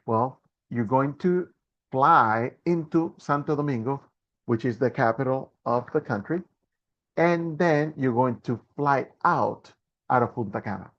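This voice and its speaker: A man's voice: medium pitch, a little slow, fairly bright tone, lo-fi sound. A man hosting a live online Q&A about a trip, talking with many fillers and restarts. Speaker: host and trip organizer.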